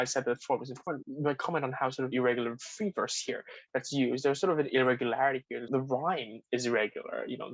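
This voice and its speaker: A man's voice: medium pitch, husky, no room sound, rough recording. A young man tutoring, walking through an exam answer and thinking aloud with many "sort of"s and restarts. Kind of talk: explanatory exam walkthrough.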